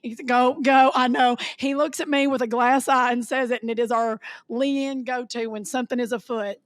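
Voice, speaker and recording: A woman co-hosting a podcast, chatty and quick to laugh. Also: fairly high pitch, fairly even intonation, no room sound. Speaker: podcast co-host. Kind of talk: casual chat.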